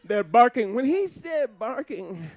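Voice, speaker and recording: A man doing live stand-up comedy on a stage before an audience, talking in an animated way, laughing between jokes and slipping into funny put-on voices. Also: very high-pitched, a little slow.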